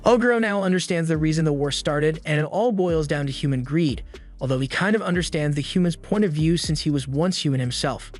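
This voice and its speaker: A man's voice: fairly high pitch, brisk, soft background music. A man giving a scripted, matter-of-fact narration of an anime plot. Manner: steady, matter-of-fact storytelling. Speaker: recap narrator.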